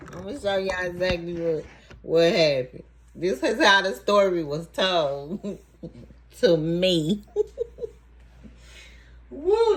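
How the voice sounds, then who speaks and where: A woman's voice: a little high, fairly bright tone. A woman vlogger telling a story straight to her viewers in casual, profane talk. She laughs often and acts out quoted lines with rising, emphatic repeats.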